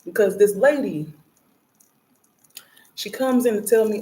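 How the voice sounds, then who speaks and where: A woman's voice: mid-range voice, moderate pace. A woman hosting a spiritual reading and prayer message, talking casually and bluntly to viewers, swearing and laughing as she rambles. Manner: blunt and profane, laughing, animated when ranting.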